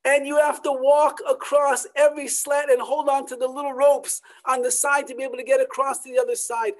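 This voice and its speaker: A Torah teacher telling a story in a sermon, swinging from loud emphatic peaks to hushed near-whispers. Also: high-pitched, little pitch movement, fairly quick, rough recording.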